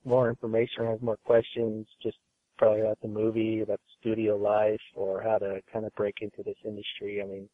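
A man talks informally as a podcast guest about his job at a studio, rambling easily with plenty of fillers and restarts. His low-ish voice is completely flat and a little fast, captured with no echo on phone-like audio.

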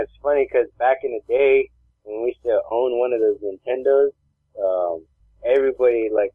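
Male co-host, rambling storyteller, mid pitch, dry narrow phone-quality audio. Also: no echo. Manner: rambling storyteller, acts out voices. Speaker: podcast co-host. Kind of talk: casual chat.

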